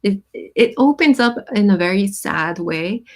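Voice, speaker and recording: A woman hosting a casual live stream, reading song lyrics and explaining their meaning with many pauses and "um"s. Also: medium pitch, lively intonation. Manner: thoughtful, pauses with many "um"s, reads lyrics aloud then explains.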